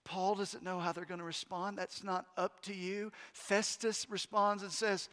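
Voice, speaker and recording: A man preaching a sermon emphatically, moving between hushed and loud delivery. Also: high voice, flat delivery, measured pace. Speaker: pastor. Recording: long hall reverb.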